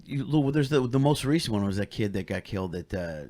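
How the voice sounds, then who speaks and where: A man hosting a casual comedy podcast, telling stories in an excited way and acting out the people he quotes. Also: fairly low pitch. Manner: fast, excited, acts out shouted quotes. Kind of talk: casual chat, animated storytelling.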